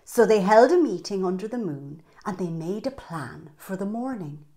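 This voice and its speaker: A woman reading a picture book aloud to young children, animated and sing-song, pointing out the pictures as she goes. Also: mid-range voice, normal speed. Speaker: children's storyteller.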